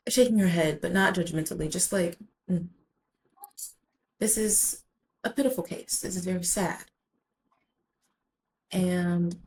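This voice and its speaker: A woman's voice: lowish voice, a little mellow, slight background noise, poor audio. A woman vlogger telling a personal story in a rambling way, full of "like" and casual swearing.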